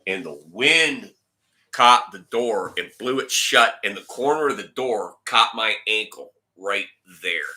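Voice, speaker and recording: A man's voice: fairly low pitch, animated, unhurried, bright, forceful tone. A man telling a long personal story in a rambling, casual way, acting out the dialogue and repeating words. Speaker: guitar channel host. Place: home, indoors.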